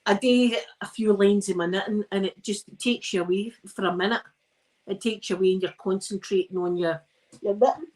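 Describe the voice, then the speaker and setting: A tired Scottish woman chats while ironing on her ASMR livestream, yawning between self-deprecating, rambling remarks. Her mid-range voice is steady and darkish, and she speaks a little fast. The recording quality is low.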